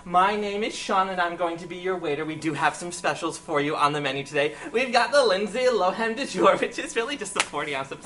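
A woman's voice: fairly low pitch, animated, a little fast, hardly any pauses, fairly bright tone. Give me a woman playing an upbeat, overfamiliar male waiter cracking jokes, with a little background noise. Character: chirpy, cheeky male café waiter. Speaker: sketch actor.

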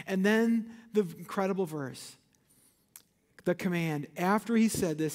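A man delivers a sermon to a church auditorium, speaking in a notably high register. He reads scripture aloud and explains it, rising into emphatic, loud peaks. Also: normal speed. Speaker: pastor. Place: church auditorium with balcony and online audience.

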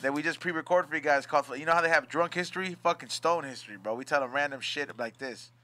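A man's voice: fairly high pitch, fast, pushed and bright. A man hosting a casual podcast chat, laid-back and slangy, swearing often. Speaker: podcast host.

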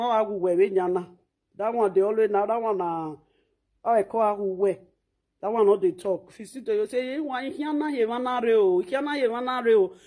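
A woman's voice: fairly high pitch, a little mellow, slightly rough. A woman with a Nigerian Pidgin accent, ranting and scolding in a mocking, insulting way. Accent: Nigerian Pidgin English. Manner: refers to herself in third person. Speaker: online commentator. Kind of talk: ranting monologue.

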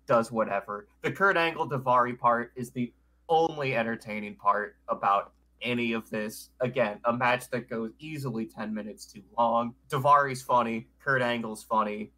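A man's voice: mid-range voice, sharp tone. A young man co-hosting a podcast, ranting bluntly and disagreeing with everyone. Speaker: podcast co-host. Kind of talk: casual podcast chat.

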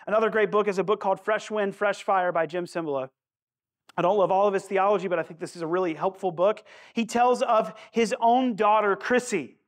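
A male pastor preaching a sermon in a church sanctuary, earnest and conversational, often turning to the congregation with asides. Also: high voice.

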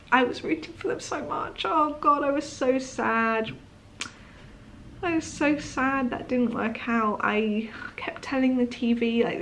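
Woman, casual vlog, sleepy, rambling, apologetic, mid pitch, faint background noise. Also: fairly bright tone. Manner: rambling, chatty, apologetic, many "um"s and "like"s. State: sleepy, yawning. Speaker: vlogger. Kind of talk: casual chat to camera. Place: at home in the evening. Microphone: camera.

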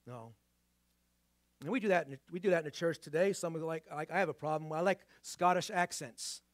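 A male pastor delivers a sermon in a church, his accent mixing New York and Boston. His voice sits high for a man and sounds close and dry. He keeps it conversational, slowing down on key points and asking the room rhetorical questions. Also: no echo. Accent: mix of New York and Boston. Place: church sanctuary.

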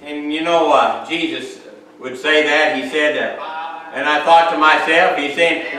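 A pastor preaching in a church sanctuary, his bright, forceful voice bouncing off the walls. He is recorded from some distance, so the room's echo is strong around every phrase. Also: a little high, steady tone, unhurried. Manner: reads scripture aloud, then preaches with frequent amens and hallelujahs. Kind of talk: sermon. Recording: echoey church hall, mic far off.

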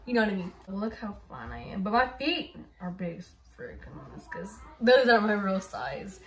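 A woman's voice: medium pitch, normal speed, far from the mic. A woman vlogging casually about her phone, chatty and rambling, with lots of "like" and "y'all". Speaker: YouTuber. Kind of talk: casual vlog phone walkthrough. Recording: roomy echo.

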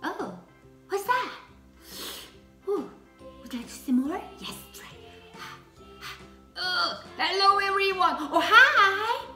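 A woman runs a preschool circle time with a very high, swooping voice, full of cheerful exclamations. She talks slowly and sing-song, with a bright tone. She sounds like she is in a roomy, echoing space with soft music underneath. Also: very animated. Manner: exclaiming and sing-song, with playful puppet play. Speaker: preschool art and music teacher. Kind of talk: cheerful circle-time teaching for young children.

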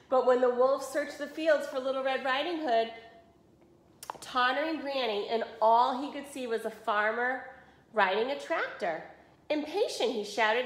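A woman teacher reading a children's story aloud in an expressive way for a lesson. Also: high-pitched, moderate pace. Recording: roomy echo.

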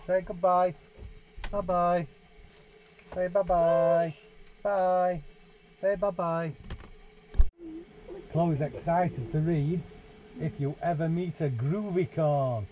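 A young father reads a storybook to his baby, his voice lilting and sing-song. He speaks a touch higher than most men. It was recorded on a camera inside a small caravan, with a faint hiss underneath. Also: fairly even intonation, slow pace, long pauses, darkish tone, muffled recording. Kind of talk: reading a picture book aloud to a baby. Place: small holiday caravan, indoors. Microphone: 360 VR camera nearby.

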